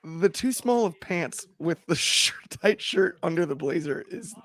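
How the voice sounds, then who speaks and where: A man's voice: on the high side, animated, measured pace, fairly bright tone. A man hosting a casual wrestling watchalong, upbeat and chatty, laughing easily. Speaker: host.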